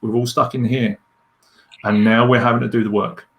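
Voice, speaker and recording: A man, talking as a leadership coach in a podcast interview. He is candid and animated as he tells stories. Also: medium pitch, moderate pace.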